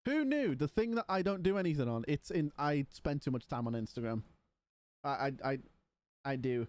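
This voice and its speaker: A man's voice: fairly high pitch, lively intonation, normal speed, a little mellow. A man livestreaming from home, chatting casually and rambling while yawning and tired. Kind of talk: casual stream chat.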